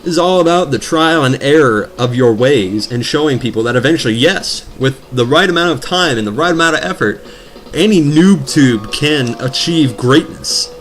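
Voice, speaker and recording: A man's voice: mid-range voice, lively intonation, a little fast, few pauses, fairly bright tone. A man rambling and joking as he commentates his own gameplay, drifting from topic to topic. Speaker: let's play commentator. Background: video game music.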